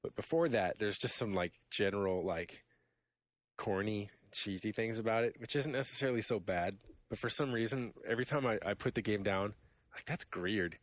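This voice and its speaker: A podcast host with a lowish voice talks fairly quickly on a dry recording, laughing a lot as he shares gaming stories in a casual chat. Now and then he bursts into loud imitations of game taunts before settling back into relaxed conversation.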